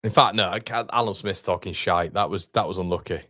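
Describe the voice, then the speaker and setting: A man's voice: low-pitched, fairly quick, sharp tone, dry recording, clean studio sound. A man hosting a live football watchalong, reacting to the match and reading out chat messages. He swears, repeats himself and trails off, and his voice jumps up on near chances.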